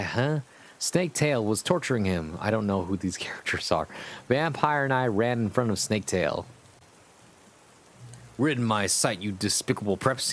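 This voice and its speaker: A young man streaming a comic read-through of a fan story, breaking off with sarcastic, laughing asides. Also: on the low side. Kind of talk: comic live-stream reading with commentary.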